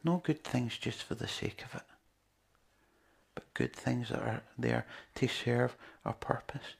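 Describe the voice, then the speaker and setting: Man, preacher, sermon, gravelly voice, husky tone, chatty and earnest. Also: mid-range voice, a little slow. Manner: earnest, conversational preaching with rhetorical questions.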